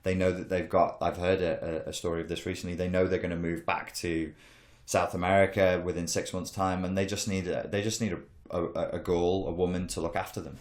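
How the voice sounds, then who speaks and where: Deep-voiced man, candid podcast talk. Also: reverberant. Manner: candid, swears, acts out quoted voices. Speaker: podcast host, coach on narcissistic abuse. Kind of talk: casual podcast conversation.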